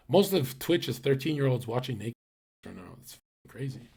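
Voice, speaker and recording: A man's voice: medium pitch, sing-song, moderate pace, vocal fry, darkish tone, breathy edge. A man streaming live, ranting casually to his chat, blunt and profane, with lots of fillers and restarts.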